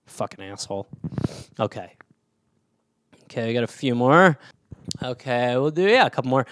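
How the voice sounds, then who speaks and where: A man's voice: medium pitch, expressive, moderate pace, fairly bright tone, no echo, clean studio sound. A man hosting a casual solo podcast, rambling through anecdotes with plenty of swearing. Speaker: podcast host.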